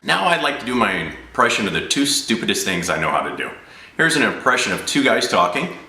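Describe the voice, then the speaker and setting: A man doing a stand-up audition, telling stories in a deadpan manner. His voice sits low but moves a lot in pitch, with a very bright, tense tone. The recording has a roomy echo. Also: fairly quick. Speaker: improv comedian.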